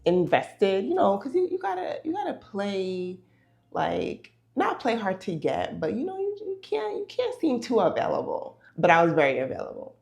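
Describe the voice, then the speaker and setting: A young woman vlogger telling a dating story, animated, laughing and full of fillers. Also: medium pitch, moderate pace, vocal fry, soft background music. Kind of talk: storytelling while getting ready.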